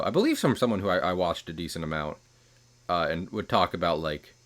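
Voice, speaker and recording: Streaming a game, a deep-voiced man gives casual, rambling commentary, chuckling at his own jokes and drifting into quieter asides.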